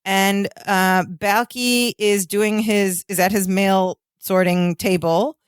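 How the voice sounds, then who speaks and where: A woman at a middle pitch, talking through a sitcom episode with her co-host in relaxed podcast chat. Her voice sits close and dry, with no room sound around it. She now and then slips into quoted dialogue as she goes. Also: takes it slowly, clean tone, no echo. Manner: recounts scenes, quoting lines in a put-on snooty voice. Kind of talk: casual recap chat.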